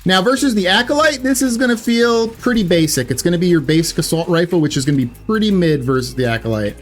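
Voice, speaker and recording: A man's voice: sits high, animated, fast talker, soft background music. Chatty man commentating gameplay. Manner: chatty, self-correcting, loose filler words. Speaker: gaming YouTuber.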